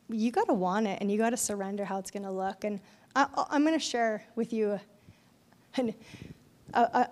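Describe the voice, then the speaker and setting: A young woman giving a conversational sermon, telling a personal story with lively voiced quotes. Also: medium pitch, big-room sound. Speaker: speaker at a church event.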